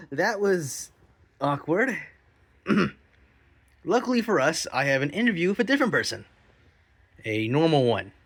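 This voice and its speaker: A man's voice: on the high side, fairly bright tone. A man hosting a mock news broadcast in a plush comedy skit, rambling and mock-serious with many self-interruptions. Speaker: host of a plush comedy channel.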